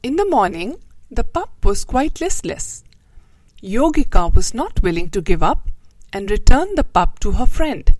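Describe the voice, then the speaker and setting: Woman host reading a storybook aloud: slow, lilting, dry close sound. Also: medium pitch, dry recording, low-quality recording. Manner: slow, expressive, gently moralizing. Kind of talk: storybook reading with a moral talk.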